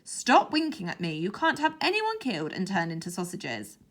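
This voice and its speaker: A proper male government aide, patient but harried, polite even when stretched thin, as a woman reading aloud plays him. Her voice is bright and moves lively through its range. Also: sits high, normal speed, heavily acted. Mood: exasperated.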